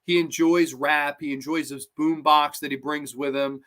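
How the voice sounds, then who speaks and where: A man giving casual, animated commentary as a horror movie reviewer, swearing freely and acting out scenes in funny voices. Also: on the high side, normal speed. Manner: animated, profane, acts out quotes in funny voices.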